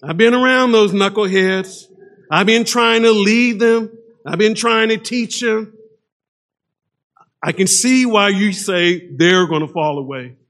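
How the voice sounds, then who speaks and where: A man's voice: high-pitched, a little slow, a bit bright. A male preacher voicing a brash, self-assured disciple who boasts and dismisses the others. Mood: boastful. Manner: cocky, dismissive.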